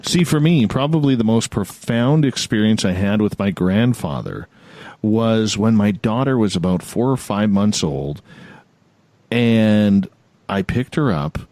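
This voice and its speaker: Low-voiced, animated male radio host. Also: dry recording. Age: 40s. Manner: animated storyteller, repeats phrases. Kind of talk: casual storytelling chat.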